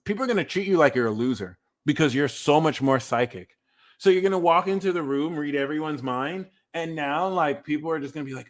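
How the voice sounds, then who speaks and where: A fairly high-voiced man running a casual tarot and astrology livestream. He talks in an excitable, teasing way. He swears freely and keeps bursting into loud, laughing outbursts. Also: fairly quick.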